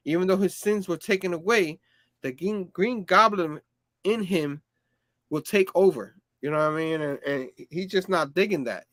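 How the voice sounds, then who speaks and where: A man with a high voice hosts a casual comic book review, rambling through the plot with lots of fillers and hummed sound effects. His voice sounds dry and close to the mic. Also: fairly bright tone, no room sound.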